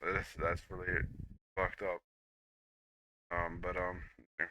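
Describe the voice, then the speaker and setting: A young man rambling through a personal monologue, halting with frequent restarts and repeats, swearing freely, on a dull lo-fi recording. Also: sits low, little pitch movement, bright, forceful tone, a little hiss or hum.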